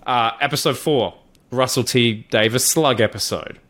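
A man's voice: mid-range voice, normal speed, a bit bright. A man co-hosting a podcast in casual chat, laid-back and joking, fond of teasing his co-host.

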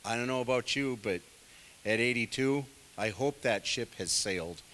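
A man's voice: medium pitch, moderate pace, fairly bright tone, slight background noise. A man preaching a sermon in a conversational way, full of asides to the congregation. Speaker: pastor.

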